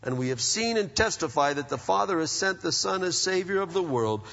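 A middle-aged male pastor preaching a sermon in an animated, conversational way, full of rhetorical questions. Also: high voice, a little fast, creaky. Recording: dull sound with long reverb, as in a church hall.

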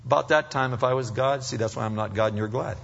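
A man preaching a sermon with emphatic swings between loud rising appeals and hushed earnest passages. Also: on the low side, steady tone, quick pace, creaky. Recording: dull recording in a reverberant hall.

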